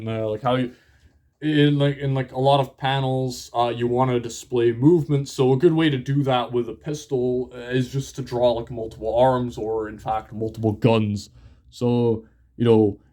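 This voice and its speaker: Young dude rambling about a comic, tons of "like" and cursing, laughs a lot. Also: male voice, medium pitch, darkish tone. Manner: rambling, heavy filler "like", frequent swearing, laughs often. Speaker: comic reviewer. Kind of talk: casual chat.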